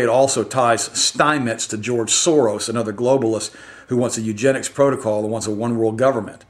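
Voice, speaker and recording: A man speaks straight to the camera in an opinion monologue, at an ordinary mid pitch. He talks emphatically and drives his points home with strings of rhetorical questions. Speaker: health commentator.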